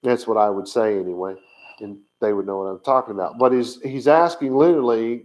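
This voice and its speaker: A man's voice: medium pitch, a little fast, darkish tone, low-quality recording. Hesitant man teaching while thinking aloud. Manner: thinking aloud, hesitant, searching his notes. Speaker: Bible language teacher. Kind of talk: informal teaching on camera.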